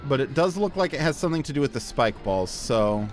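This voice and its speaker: A man's voice: medium pitch, expressive, fairly quick, over music. A young man giving casual, joking commentary over a video game he is playing. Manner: self-deprecating, joking, reads game lines aloud in silly voices. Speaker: gameplay commentator. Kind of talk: casual let's-play commentary.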